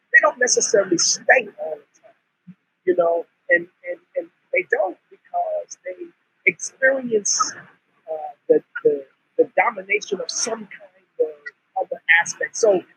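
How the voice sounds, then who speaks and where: A man interviewing a guest in a casual chat, talking in a rambling, halting way. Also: very high voice, creaky, pushed and bright, breathy edge, no echo, poor audio. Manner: rambling, halting, full of restarts and laughs. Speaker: interviewer, martial arts grandmaster.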